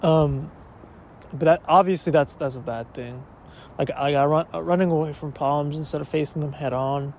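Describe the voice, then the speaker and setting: A man's voice: a little high, steady tone, normal speed, a little mellow, slight background noise. A young man hosting a podcast in casual solo chat. He rambles, cuts himself off, swears and slips between English and Spanish. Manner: rambling, self-interrupting, sprinkles in curse words. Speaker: podcast host. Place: a spot in an uptown neighborhood of a big city.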